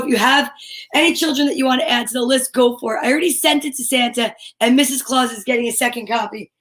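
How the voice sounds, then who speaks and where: A middle-aged woman hosts a children's story time live stream, bubbly and animated as she greets viewers and reads out names and comments. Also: high voice.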